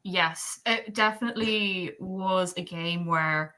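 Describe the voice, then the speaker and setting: A woman's voice: fairly low pitch, slow, bright, forceful tone. A woman appearing as a podcast guest, chatty, giggly and candid in casual conversation. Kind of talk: casual chat.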